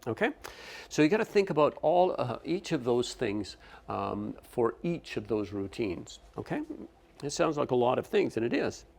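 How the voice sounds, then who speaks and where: A man lecturing new teachers on running a classroom, his mid-pitched voice carrying a gravelly edge. He explains step by step and keeps asking "okay?" to check that his listeners follow. He often breaks off to restart a phrase. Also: sing-song, moderate pace, darkish tone. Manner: frequent restarts and self-corrections. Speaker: teacher trainer.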